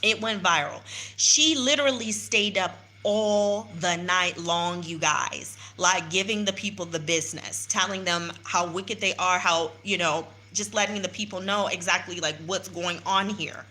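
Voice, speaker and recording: A woman's voice: on the low side, a little slow, pushed and bright. An American woman telling her followers what happened, indignant and emphatic, repeating phrases to drive the point home, filming on a handheld phone. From United States. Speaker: vlogger. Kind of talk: personal vlog recounting events to followers. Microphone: handheld phone without stabilizer.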